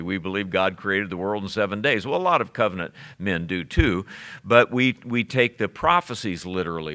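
A man's voice: on the low side, pushed and bright. A male pastor teaching his church in a conversational sermon, with frequent fillers and restarts.

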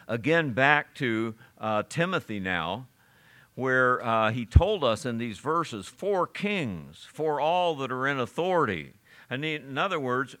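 A man's voice: mid-range voice, pushed and bright. A pastor preaching a conversational sermon, reading scripture aloud and chuckling at his own stories.

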